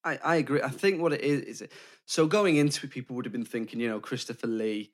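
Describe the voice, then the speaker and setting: A man's voice: mid-range voice, quick pace. Man chatting casually about film. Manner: thoughtful, builds points in lists. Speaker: podcast co-host.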